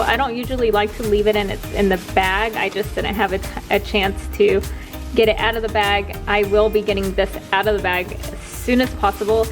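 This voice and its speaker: Casual kitchen vlog read: young woman, chatty and loose, self-correcting, soft music under. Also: mid-range voice. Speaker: holistic health coach and vlogger. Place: home kitchen, indoors.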